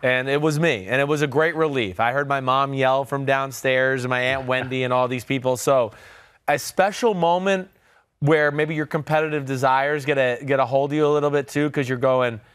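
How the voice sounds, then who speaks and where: In studio-quality audio with no room sound, a man in his forties speaks at normal speed in a medium-pitched, steady, fairly bright and smooth voice. The podcast host and ex-quarterback rambles through casual sports stories, full of filler words.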